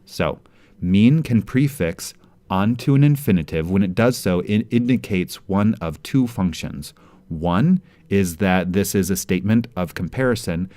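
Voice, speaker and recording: A man explains grammar in a measured, deliberate way, pausing over each example he reads. His voice sits very low and his pace is unhurried. The recording is dry, with no room sound. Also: a little mellow, no echo. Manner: measured, explanatory, reads out Hebrew verses slowly. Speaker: teacher. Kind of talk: grammar lesson narration.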